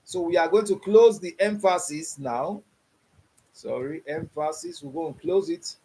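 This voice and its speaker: A man with a slightly high but dark-toned voice teaches beginners to code online, taking an unhurried pace. He repeatedly asks "you understand what I'm saying?" and tests the learners using open questions like "what?"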